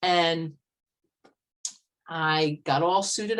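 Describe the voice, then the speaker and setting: A woman life coach speaks earnestly to an online meetup over a video call, with a notably low-pitched voice. She tells stories conversationally and with vivid detail. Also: slow, pauses often. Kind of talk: storytelling talk at an online meetup. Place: old farmhouse, indoors.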